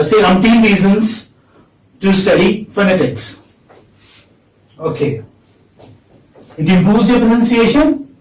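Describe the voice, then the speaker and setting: A man with an Indian English accent lecturing a class of students, repeating words and prompting them with questioning hums. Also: sits high. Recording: echoey classroom, distant mic.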